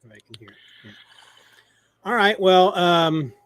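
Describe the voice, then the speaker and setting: A man's voice: sits high, a little fast, a bit bright, no echo, studio quality. A man co-hosting a podcast from home, chatting loosely and jokingly with lots of restarts. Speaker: podcast co-host. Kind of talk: casual behind-the-scenes chat.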